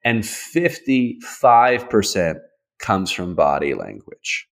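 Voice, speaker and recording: A man's voice: lowish voice, wildly swooping pitch, slow pace, gravelly. A man, a podcast guest, explaining ideas in a casual, playful, slangy way. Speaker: podcast guest, trauma practitioner.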